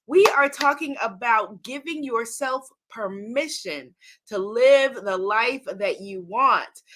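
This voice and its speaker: Woman doing a live stream from home, bright high voice, greets folks by name, laughs a lot. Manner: warm exclaiming, greets viewers by name, laughs often. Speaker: host of a livestream spiritual talk. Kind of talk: casual live-stream talk greeting viewers. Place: at home in New York City.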